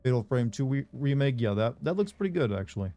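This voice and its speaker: A man from Michigan talks his way through a horror game in casual let's-play commentary. His voice is mellow and relaxed, and it sits at a plain middle pitch. He rambles from topic to topic and breaks off to answer his viewers. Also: quick pace. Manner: rambling, chats with viewers between gameplay. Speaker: gaming streamer.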